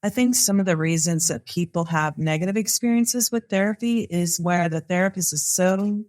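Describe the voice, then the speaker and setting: Supportive woman podcast host, lower voice. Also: normal speed, a little mellow. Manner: supportive, affirming, laughs easily. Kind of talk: casual conversation. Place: recorded live at a conference.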